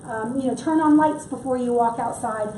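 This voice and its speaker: At a moderate pace and with a warm tone, a middle-aged woman with a fairly high voice gives a friendly public wildlife workshop, joking along the way. She's recorded from a distance in an echoey space, with a little hiss or hum.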